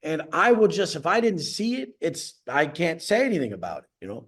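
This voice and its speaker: A man's voice: a little high, wildly swooping pitch, brisk, a bit bright. A man coaching clients on a video call, ranting bluntly and profanely, boasting as he goes.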